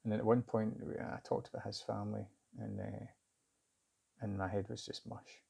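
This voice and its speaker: Gravelly low-voiced man recalling a story. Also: level tone, a little mellow. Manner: candid, halting, self-searching. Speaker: vlogger recounting a job interview. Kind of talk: reflective personal storytelling.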